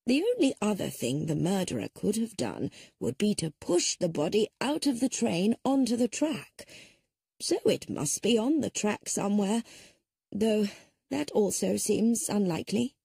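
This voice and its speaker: In this audiobook reading, a woman pushes her medium-pitched voice upward into an exaggerated elderly spinster detective. The delivery is sing-song and unhurried, gravelly and mellow with a breathy edge. Mild and courteous, the gentle but sharp-witted sleuth works through her reasoning thoughtfully, in clean studio sound without echo.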